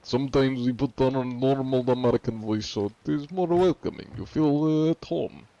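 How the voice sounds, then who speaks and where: A young man putting on a mock Russian accent, playing a big, sweaty, burly Russian man and speaking in deadpan broken English. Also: mid-range voice, moderate pace, dull audio, voice pushed up, natural voice. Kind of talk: comic put-on voice on a livestream.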